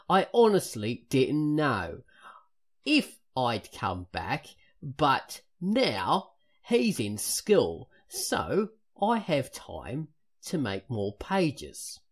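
A man's voice: medium pitch, full character voice. A man putting on a shaky Cockney author. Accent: attempted Cockney. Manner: louder and slower than his own talk. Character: male webcomic author, earnest.

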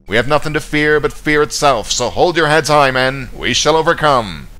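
A man's voice: fairly high pitch, lively intonation, moderate pace, sharp tone, voice pushed up. A man voicing an eager, pompous starship captain in a video game, giving a grand speech full of slogans. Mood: rousing.

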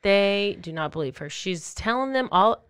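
A woman hosting a podcast, casually telling a true-crime story in an animated way and acting out quotes in playful voices. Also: mid-range voice, normal speed, smooth. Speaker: podcast host.

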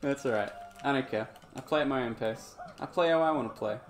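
Over game music, a man gives live gameplay commentary on his stream, relaxed and chatty with his viewers. His voice is mid-range and brisk, and he laughs a lot and hums along.

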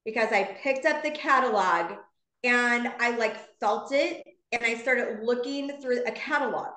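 A woman's voice: on the high side, a little slow, bright, forceful tone, echoey room. A woman in her fifties telling an earnest, heartfelt personal story to a live online audience. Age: 50s. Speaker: founder speaking to her business community.

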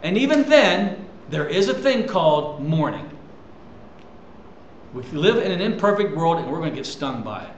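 High-voiced animated male preacher. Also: moderate pace, pauses often, highs cut off. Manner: animated, swings loud and soft, repeats words. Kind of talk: sermon. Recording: echoey room with faint ambient noise.

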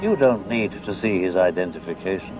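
Calm mystic commanding a guard, low and measured, with a film score behind. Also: male voice, music in the background.

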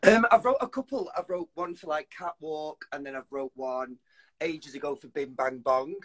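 A man talks into a phone as a guest on a live stream. His voice sits a touch high, and he comes across eager and giggly, with a self-deprecating edge. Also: normal speed, fairly bright tone. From England. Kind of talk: casual live-stream chat.

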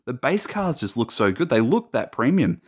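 A man commentating casually as he opens trading card packs, naming players and now and then breaking into high, excited shouts over good pulls. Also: normal speed, husky. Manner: excitable, talks while sorting cards, bursts into high shouts over big pulls. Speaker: card-opening YouTuber.

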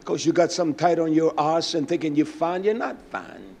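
A man preaching a sermon, emphatic and rising at times to shouts. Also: on the high side, fairly quick, creaky, a little hiss or hum.

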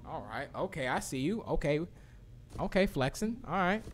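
A man hosting a live game stream, excitably commenting and reading viewers' chat aloud. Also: fairly high pitch, moderate pace, slight background noise. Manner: excitable, reads chat aloud, swings from shouts to mumbles. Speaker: livestream host.

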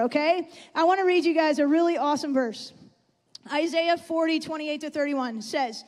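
Her high-pitched voice is a little mellow and a little fast as she preaches a sermon to a congregation in a church sanctuary. She keeps things conversational, asking the audience questions often, and the church hall gives a long reverb.

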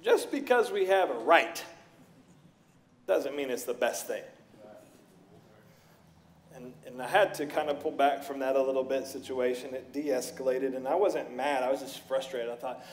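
A middle-aged man preaching a sermon as pastor, telling stories with lively voices for the people he quotes. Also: medium pitch, moderate pace, slight background noise. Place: church sanctuary.

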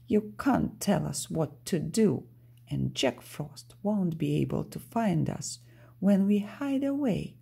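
Bratty boastful goblin guys, woman reader putting them on, high-ish and raspy. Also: expressive, takes it slowly, dark tone, full character voice. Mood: defiant. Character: greedy, defiant little male goblins.

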